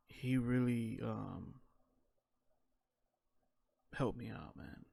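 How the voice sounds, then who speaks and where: A man's voice: medium pitch, very slow, gravelly, warm tone, no echo. A man telling his own story in a candid, reflective way, casual and full of "you know" and "man" fillers.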